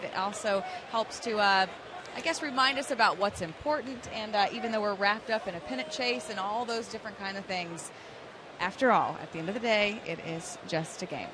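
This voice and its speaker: A woman's voice: medium pitch, noisy background. A female field reporter delivering an earnest, reflective broadcast segment at the ballpark.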